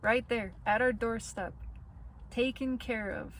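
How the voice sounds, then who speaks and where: A woman giving an earnest spiritual tarot reading, talking straight to the listener and laughing softly through the painful parts. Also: a little high, measured pace, slight background noise. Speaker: tarot reader.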